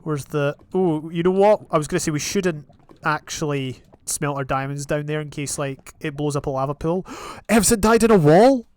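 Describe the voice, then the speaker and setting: Young man, gameplay commentary, chatty and rambling, fairly high voice, sudden excited outbursts. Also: normal speed, hardly any pauses, smooth. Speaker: gaming channel host.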